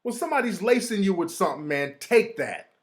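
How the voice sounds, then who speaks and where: Animated streetwise male host. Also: high-pitched, fairly quick. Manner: animated, streetwise slang, mimics others. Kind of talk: casual monologue.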